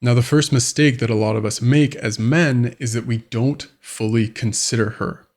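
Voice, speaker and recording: A man's voice: mid-range voice, moderate pace, darkish tone. A man who coaches on relationships, talking casually to camera and acting out everyday scenes. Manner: conversational, acts out scenarios with quoted voices. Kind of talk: direct-to-camera advice vlog.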